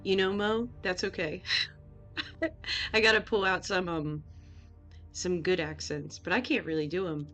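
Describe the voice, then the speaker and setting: A woman's voice: lowish voice, fairly even intonation, measured pace, pauses often, fairly bright tone, soft background music. Chatty woman streaming a game. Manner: chatty, joking, reacting to chat. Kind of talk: casual game commentary.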